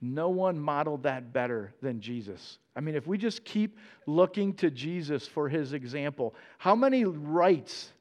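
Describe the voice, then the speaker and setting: Guy preaching casually, earnest, gets animated telling stories, voice a bit on the high side. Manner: earnest, animated storytelling with frequent restarts. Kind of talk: conversational sermon.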